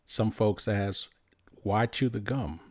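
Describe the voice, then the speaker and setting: Deep-voiced man hosting a podcast. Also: no echo, clean studio sound. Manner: friendly, halting with restarts. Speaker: podcast host. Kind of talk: podcast interview.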